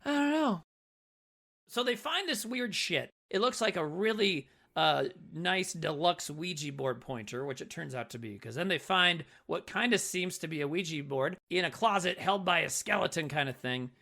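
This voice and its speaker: Lively bright-voiced male podcast host. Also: a little high, moderate pace, vocal fry. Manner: rambling, jokey, swears freely. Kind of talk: casual movie chat.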